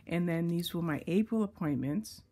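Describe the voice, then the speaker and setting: A woman's voice: lowish voice, animated, warm tone. A woman book blogger chatting casually as she shows her planners, often stopping to correct herself. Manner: chatty, self-correcting, reads lists slowly. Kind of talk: casual show-and-tell vlog.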